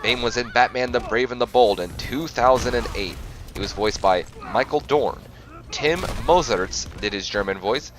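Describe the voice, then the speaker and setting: A man hosting a game playthrough, reading facts aloud and often stumbling and correcting himself. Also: mid-range voice. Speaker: gaming channel host.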